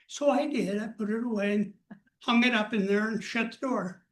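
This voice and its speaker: An older man telling a personal story to a live group in a plain, unhurried way. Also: high voice. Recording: echoey room.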